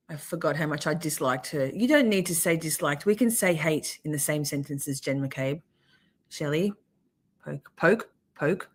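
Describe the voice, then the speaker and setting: A woman hosts a loose, sarcastic livestream and picks apart courtroom clips with plenty of swearing. Her voice sits somewhat low. She talks straight to her chat like old friends. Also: lively intonation, moderate pace, breathy edge. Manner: sarcastic, profane, chatty with live chat. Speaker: livestream commentary host. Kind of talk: casual commentary on trial clips.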